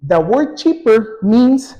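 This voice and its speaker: A man teaching an English grammar lesson, saying example words twice, slowly and clearly. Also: extremely high pitch, very animated, dark tone, dull audio. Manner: slow and repetitive, drawing out example words.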